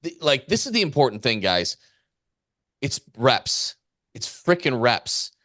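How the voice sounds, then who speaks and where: A man's voice: medium pitch, sing-song, a little slow, a bit bright, no echo, studio quality. A man co-hosting a podcast as a business coach, talking in a fired-up, emphatic way and repeating his points for weight. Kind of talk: casual podcast chat.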